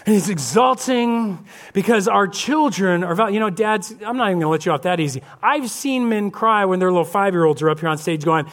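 Man, pastor, church sermon, animated, high pitch, lively delivery. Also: a little fast. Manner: animated, acts out congregation voices. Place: church sanctuary.

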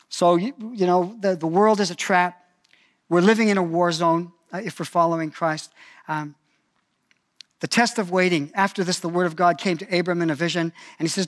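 A man's voice: high-pitched, a bit bright. An older man preaching a sermon in a conversational way, often restarting his phrases as he tells personal stories.

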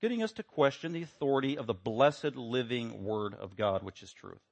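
A man preaching a sermon, emphatic, building to loud rhetorical questions. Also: mid-range voice, expressive, moderate pace, gravelly. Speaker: pastor.

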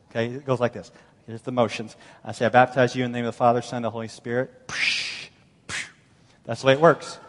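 Middle-aged man, pastor delivering a lively, storytelling sermon, slightly high voice, long hall reverb. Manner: animated, storytelling, acts out quoted voices. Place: large church hall.

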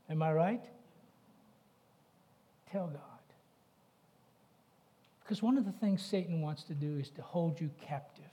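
A man's voice: fairly high pitch, mellow. A middle-aged man preaching a sermon, talking conversationally and asking the congregation questions. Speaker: pastor.

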